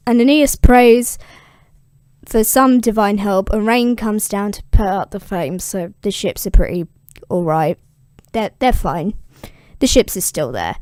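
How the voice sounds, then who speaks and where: A young woman breezily retelling an ancient epic in slang, with a bit of swearing. Her voice is a touch high and smooth, and the sound is close and dry. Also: moderate pace, a little mellow, dry recording. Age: young adult. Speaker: classics explainer. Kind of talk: casual video explainer.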